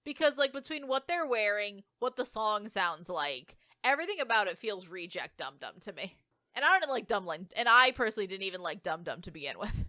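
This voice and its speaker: A woman's voice: medium pitch, brisk, no room sound. A young woman co-hosting a podcast in casual chat, opinionated and running through a countdown list. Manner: animated, opinionated, runs the song list. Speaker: podcast co-host.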